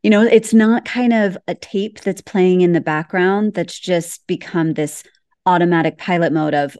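A woman's voice: on the low side, moderate pace, a little mellow, no room sound, clean studio sound. A woman hosting a podcast conversation, reflective, summing up what she heard from her guest. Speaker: podcast host.

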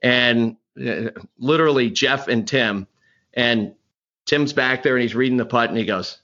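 Speaking a little slowly in a medium-pitched, slightly bright voice, a middle-aged male golf instructor rambles through stories on a podcast. He often restarts and performs quoted lines, and the audio has its highs cut off.

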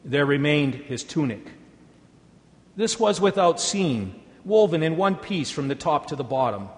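A man reads scripture in a measured, deliberate way, his voice sitting a little high. A long reverb hangs after his words, as in a large hall. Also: animated. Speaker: scripture reader. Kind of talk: solemn scripture reading.

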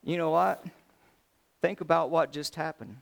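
Man, sermon, folksy storytelling, animated, higher-pitched. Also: unhurried, gravelly. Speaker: preacher.

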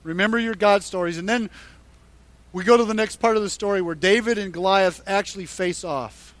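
A man preaching a sermon, retelling a Bible story in an animated way and driving points home through emphatic repetition. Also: high voice, fairly quick, no echo. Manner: emphatic, repeats points for stress. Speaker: pastor.

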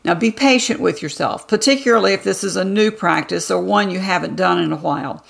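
A woman hosting a devotional podcast, giving a scripted teaching in a calm, measured reading with deliberate emphasis. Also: fairly low pitch, vocal fry.

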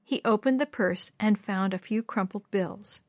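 A woman narrating a storybook in a measured, expressive way. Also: medium pitch, no echo, studio quality. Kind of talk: storybook reading.

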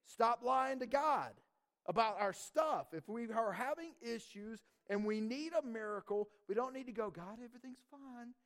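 Animated casual-talking male pastor. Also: very high-pitched, a little slow. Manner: animated, casual slang, acts out voices. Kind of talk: sermon.

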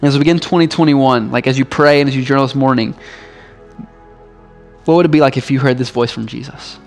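A male pastor delivering a sermon in a relaxed, conversational way, often dropping in "like" as he speaks. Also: mid-range voice, fast, vocal fry, faint music behind. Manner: casual, conversational preaching with frequent "like".

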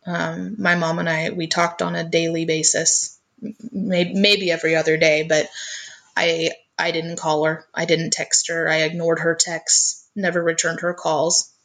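Earnest woman with a lowish voice. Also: flat delivery, unhurried, fairly bright tone. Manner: earnest, often repeats her first words. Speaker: guest telling her life story. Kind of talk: personal storytelling in conversation.

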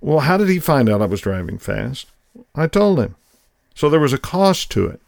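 Gravelly-voiced man telling a story. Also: on the high side, big pitch swings, moderate pace, a little mellow, no echo, clean studio sound. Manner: folksy, conversational, acts out quoted voices. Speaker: podcast host. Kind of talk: personal storytelling talk.

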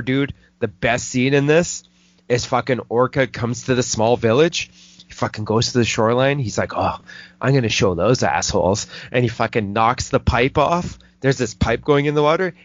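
A man hosting a casual movie review podcast, swearing a lot and rambling excitedly. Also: mid-range voice, no room sound. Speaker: film podcast host. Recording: dull lo-fi dry recording.

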